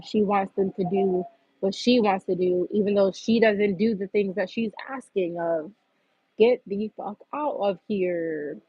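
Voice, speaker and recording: Blunt, husky woman venting on a livestream. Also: medium pitch, dry recording, dull audio. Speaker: livestream host. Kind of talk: heated livestream rant.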